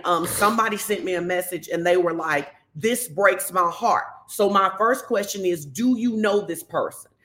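A woman pastor, giving a conversational sermon and telling stories lively, acting out the quotes. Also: on the low side. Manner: animated storytelling, acts out quotes.

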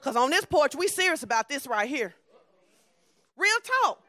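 Woman preacher, high voice, bright and sharp, real blunt, close dry sound. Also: very animated, moderate pace, dry recording. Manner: emphatic and blunt, shifting to soft and low. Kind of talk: conversational sermon.

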